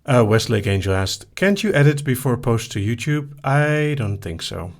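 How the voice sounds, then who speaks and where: A man hosting a live hypnosis stream, casually reading viewer questions aloud and answering them in a soft, easygoing way. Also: medium pitch, big pitch swings, moderate pace. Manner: soft-spoken, easygoing, reads each question aloud then answers briefly.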